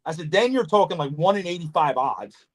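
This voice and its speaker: A man hosting a casual podcast chat, telling animated stories, swearing freely and acting out conversations. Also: fairly high pitch, a little fast. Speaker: podcast host, snake breeder.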